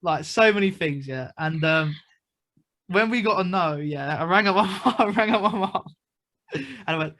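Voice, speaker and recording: A man's voice: high-pitched, expressive, normal speed, a bit bright. Chatty young British man telling stories. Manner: chatty storyteller, lots of fillers and asides. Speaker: magician guest. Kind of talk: casual interview chat.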